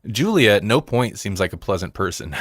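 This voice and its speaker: A man's voice: on the low side, sing-song, a little fast, fairly bright tone, no room sound, studio quality. A man co-hosting a movie review podcast, chatting casually and rambling, laughing often. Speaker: podcast co-host.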